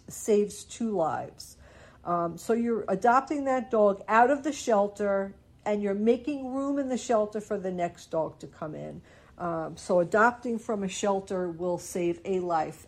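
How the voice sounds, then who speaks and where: A woman's voice: medium pitch, darkish tone. A woman hosting a radio show in casual chat, rambling and stopping to correct herself with small chuckles.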